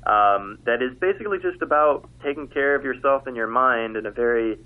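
Man with a dry, deadpan book pitch. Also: a little fast. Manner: dry, tongue-in-cheek delivery like an infomercial. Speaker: book recommender on a radio segment. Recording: phone-like radio audio.

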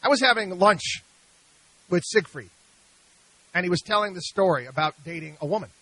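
A radio host holds forth alone at the mic, pressing his points with rhetorical questions and repeated slogans. His voice sits high and bright. The studio sound is close and dry. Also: moderate pace, husky, no room sound, low-quality recording. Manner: emphatic, preachy, rhetorical questions. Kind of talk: opinionated radio monologue.

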